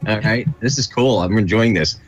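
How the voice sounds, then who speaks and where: A man's voice: fairly low pitch, moderate pace, lo-fi sound, music in the background. A man playing a tabletop game, amused and stammering. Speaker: player.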